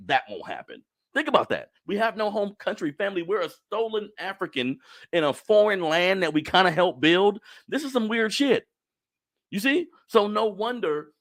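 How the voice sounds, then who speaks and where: A man's voice: on the high side, a bit bright. A man hosting a podcast, talking bluntly and profanely in an impassioned monologue, calling his listeners family. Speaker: podcast host.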